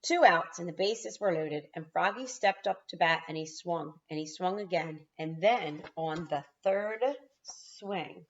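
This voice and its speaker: Lively woman reading a picture book. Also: lowish voice, measured pace, highs cut off, a little hiss or hum. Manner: animated, talks straight to the kids. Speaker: kindergarten teacher.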